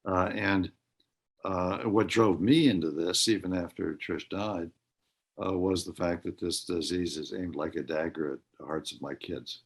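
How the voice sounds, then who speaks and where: An older man speaking as an interview guest, hesitant and full of filler pauses. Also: low voice. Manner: hesitant, many filler pauses while recounting. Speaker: guest, dementia advocate. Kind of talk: radio interview talk.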